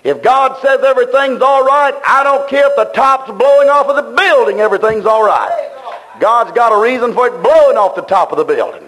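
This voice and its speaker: Man preacher, very high voice, fervent and repetitive, folksy plain speech. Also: expressive, a little fast, fairly bright tone, poor audio. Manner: plain-spoken, folksy grammar. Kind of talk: sermon.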